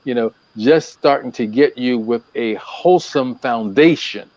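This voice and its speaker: A man talking as a relationship coach on a talk show, animated and preacherly, repeating his points for emphasis. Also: medium pitch, measured pace, dry recording. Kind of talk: casual talk-show chat. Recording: dull, lo-fi.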